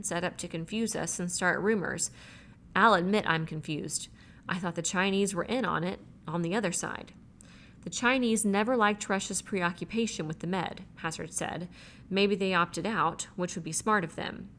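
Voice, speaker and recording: A woman reading a novel aloud as an audiobook, in an even, measured way, voicing the characters' lines herself. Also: lowish voice, slight background noise. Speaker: audiobook reader. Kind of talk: audiobook narration.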